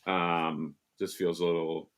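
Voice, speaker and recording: A man's voice: low voice, level tone, takes it slowly. A man co-hosting a casual live stream, rambling and joking with lots of fillers and restarts. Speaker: co-host.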